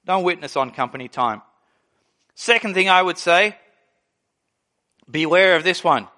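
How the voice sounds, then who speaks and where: A man with a high, bright voice preaches a sermon. He tells stories animatedly and slips into the voices of the people in them. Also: a little slow. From Australia. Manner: animated storytelling, acts out quoted people. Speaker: pastor.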